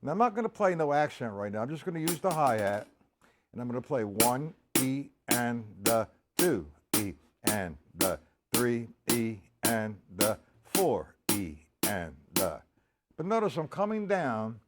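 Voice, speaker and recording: A man's voice: mid-range voice, very animated, measured pace. A man teaching a live-streamed drum lesson in a casual way. He greets viewers by name and counts beats aloud. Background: drums and music.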